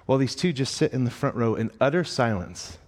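A man's voice: medium pitch, animated, fairly quick. Young man preaching with a personal anecdote, self-deprecating and rambling, middle-range voice, long hall reverb. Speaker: church staff member. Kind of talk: sermon with a personal story.

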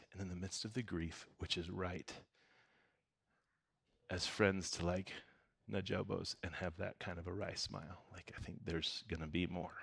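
A man preaching a casual sermon and reading scripture aloud. He talks conversationally, jokes and laughs often, and swings from soft, quiet passages to loud emphasis. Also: sits low, vocal fry, slightly rough. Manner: conversational and joking, breaks into laughter. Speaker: pastor.

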